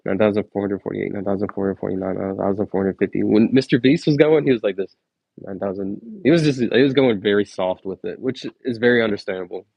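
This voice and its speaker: Gravelly young man counting on stream. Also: fairly low pitch, fast talker, few pauses, dry recording, dull audio. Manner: laid-back, says "like" a lot, trails off. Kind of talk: counting aloud on a livestream, chatting with viewers. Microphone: earbuds.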